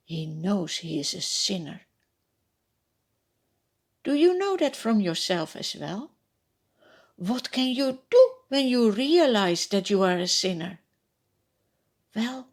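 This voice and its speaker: Slow, expressive woman telling a children's story. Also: mid-range voice. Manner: asks the young listeners direct questions. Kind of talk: Bible story narration for children.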